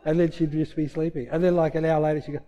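A man preaching a sermon, telling a story in a lively, animated way that rises into loud bursts. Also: a little high, quick pace, highs cut off, some chatter behind. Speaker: pastor.

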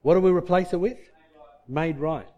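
A pastor, male, preaches at normal speed with the high frequencies cut off. He asks the congregation questions, answers them himself, and sinks to a soft, low tone for heartfelt points.

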